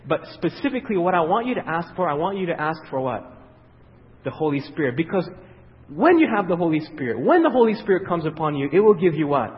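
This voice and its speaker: Guy preaching in a big echoey hall, kinda highish voice, asks the crowd stuff and waits for answers. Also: sing-song. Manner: asks the audience questions and pauses for their answers; swings between loud emphatic peaks and quiet low passages. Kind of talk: sermon. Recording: dull, reverberant hall sound.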